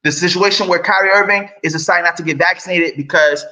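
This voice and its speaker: Young male vlogger, high bright voice, impassioned profane rant. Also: fast talker. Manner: profane and impassioned, swings between muttering and shouting. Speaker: online sports commentator. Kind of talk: heated ranting commentary.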